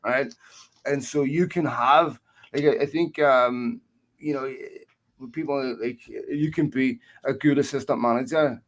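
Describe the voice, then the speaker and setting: A man's voice: medium pitch, measured pace, poor audio. A man on a live football fan panel with an ordinary mid-range voice. He talks in a chatty, rambling way, addresses the other panelists directly and laughs along with his own stories. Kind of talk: live online football talk.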